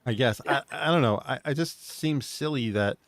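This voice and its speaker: A man's voice: medium pitch, normal speed, fairly bright tone, no echo. A man co-hosting a podcast, talking casually and wryly. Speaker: podcast co-host. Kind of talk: casual chat.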